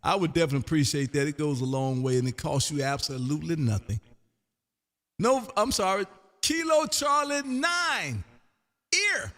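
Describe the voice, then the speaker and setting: A man hosting a casual ham radio chat, loud and folksy, calling everyone man. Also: a little high, big pitch swings, moderate pace, long reverb tail. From Texas.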